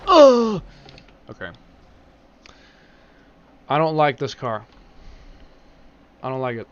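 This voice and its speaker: A man's voice: mid-range voice, slow pace, clean tone, highs cut off. A man with a sore throat chatting casually and rambling while he streams a game. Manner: rambling, casual, swears freely. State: sore throat, speaking carefully. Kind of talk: casual live-stream chat while gaming.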